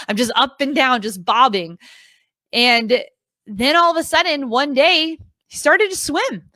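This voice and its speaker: Earnest, emphatic woman with a higher voice. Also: bright, forceful tone, no room sound, studio quality. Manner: earnest, emphatic, repeats key phrases. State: emotional, near tears at times. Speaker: online video coach. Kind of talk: motivational talk to a live online audience.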